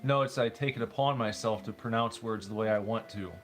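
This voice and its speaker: A man's voice: lowish voice, brisk, a bit bright. Stubborn, dry-humored man on a stream. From United States. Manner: stubborn, dry, argues pronunciation. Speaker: livestream co-host. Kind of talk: casual banter on a livestream. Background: faint game music.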